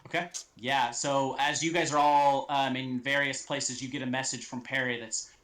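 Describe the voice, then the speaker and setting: A man narrating a tabletop game as game master, halting with many ums and restarts. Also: medium pitch, steady tone, fairly bright tone.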